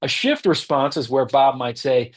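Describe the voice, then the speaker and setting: A man's voice: mid-range voice, animated, normal speed. A man giving an earnest teaching talk on leadership who stresses his key points by repeating them.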